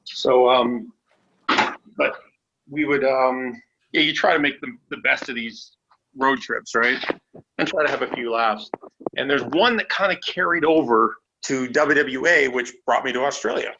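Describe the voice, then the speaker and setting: A man's voice: a little slow, dull audio, slight background noise. A man guesting on a podcast, telling road stories casually from home over a call. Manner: relaxed storyteller who puts on a silly high voice. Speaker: interview guest. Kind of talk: casual storytelling.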